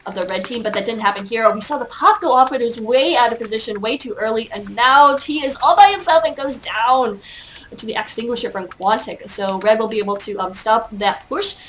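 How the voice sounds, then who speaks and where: A woman's voice: a little high, a little fast, a bit bright, a little hiss or hum. A woman giving solo play-by-play commentary on an online game match, chatty and self-mocking, with many hesitations and fillers. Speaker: esports caster.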